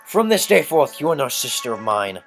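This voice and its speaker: A player voicing a betrayed young gentleman in a game, reading his lines theatrically. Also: mid-range voice, sing-song, moderate pace, soft background music, voice pushed up. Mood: cold anger.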